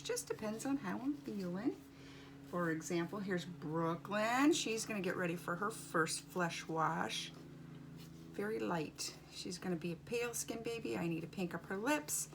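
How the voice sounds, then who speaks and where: A woman's voice: mid-range voice, slight background noise. A woman doll artist chatting casually and wryly as she works in her home studio, rambling from one thought to the next. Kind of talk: casual chat while working.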